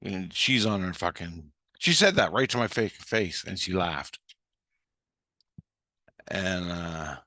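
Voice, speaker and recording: A man's voice: low-pitched, lively intonation, slow pace, pauses often, bright, forceful tone, no room sound, studio quality. A man telling a story in a blunt, heated way, swearing constantly. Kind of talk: casual storytelling.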